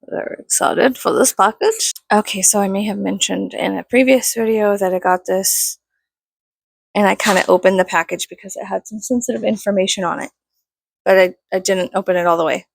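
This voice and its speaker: Woman vlogger, casual unboxing chat, giggly and self-mocking, gravelly voice, dry close sound. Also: medium pitch, no echo. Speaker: vlogger reviewing a perfume package.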